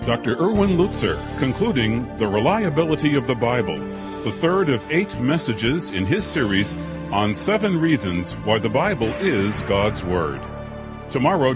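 A man reading a scripted announcement for a radio program in a polished, smooth manner. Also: medium pitch, muffled recording.

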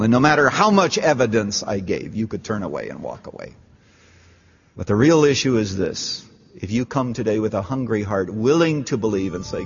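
In a large church, a pastor tells a story and builds to fervent appeals during his sermon. His voice sits on the low side and sounds slightly rough, and the recording is dull and echoey, as in a church hall.

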